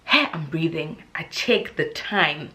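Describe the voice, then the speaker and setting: Speaking at a slow pace, a young woman with a South African accent dramatically narrates a casual storytime vlog on YouTube. The people she quotes get shrill, high voices, while tense moments drop to hushed whispers.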